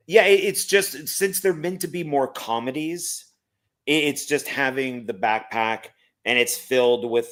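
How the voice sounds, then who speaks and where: An older man with a mid-pitched voice talks casually on a live stream. He speaks haltingly, often repeating his first words before he gets a sentence out. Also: a bit bright. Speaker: co-host.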